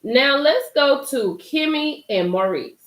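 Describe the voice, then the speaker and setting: A young woman hosting a live recap chat, animated and excitable, talking straight to her viewers by name. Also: sits high, slow, reverberant. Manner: animated, gets hyped and loud, talks to chat by name. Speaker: livestream host recapping a reality show.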